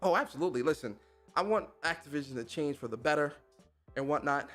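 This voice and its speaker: A man's voice: on the high side, expressive, fast talker, fairly bright tone, soft background music. A man hosting a casual live-stream podcast, talking in a laid-back, slangy way and laughing often. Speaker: podcast host.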